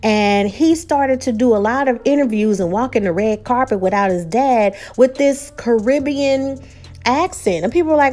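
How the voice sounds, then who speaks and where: A woman hosting a TV episode recap, talking in a chatty, animated way with frequent asides. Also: medium pitch, normal speed. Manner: chatty and animated, frequent "you know" and restarts. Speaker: show recap host. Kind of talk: casual recap commentary.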